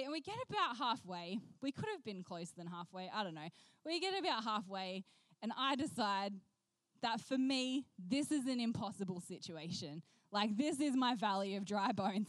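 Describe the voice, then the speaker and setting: A woman preaching a sermon, telling a personal story in an animated way and acting out the voices she quotes. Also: sits high, moderate pace, dry recording.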